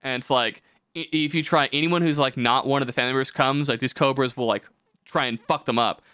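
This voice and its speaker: Bright, rambling young man in casual chat. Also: medium pitch, steady tone, a little fast, clean tone, no room sound, clean studio sound. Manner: rambling, profane, jumps into mocking voices. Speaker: podcast host.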